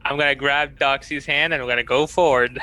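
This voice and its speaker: A man's voice: mid-range voice, fairly even intonation, brisk, pushed and bright. A man playing a tabletop game, chiming in with wry quips. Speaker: player.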